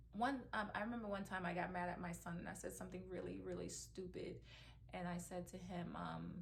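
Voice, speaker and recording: A woman's voice: medium pitch, slight background noise. A middle-aged woman, a mother, talking emotionally in a heartfelt personal vlog, with lots of ums and restarts. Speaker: mother vlogger.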